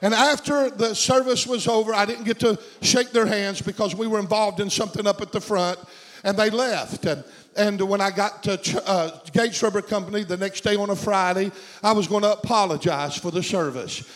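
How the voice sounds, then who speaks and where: A high-pitched man delivers a storytelling sermon. He circles back on his phrases and builds fervor as he preaches, in the manner of a middle-aged pastor. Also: fairly even intonation, moderate pace, fairly bright tone, poor audio. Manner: storytelling preacher, fervent and repetitive.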